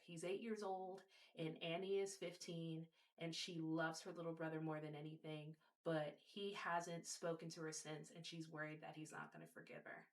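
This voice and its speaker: A woman hosting a video, casually explaining a topic and telling a story, speaking directly to her viewers. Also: fairly low pitch. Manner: warm direct address to viewers.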